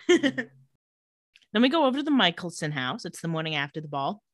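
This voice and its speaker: Lively woman recapping a show, dry sound. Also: measured pace, no echo. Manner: animated, acts out quotes with shifting pitch, laughs often. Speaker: podcast co-host recapping a TV show. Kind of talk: casual chat.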